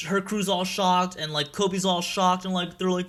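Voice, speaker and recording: A man's voice: high voice, steady tone, normal speed, hardly any pauses, fairly bright tone, faint music behind. A man narrating a casual anime recap in a profane, rambling way, full of ums and likes.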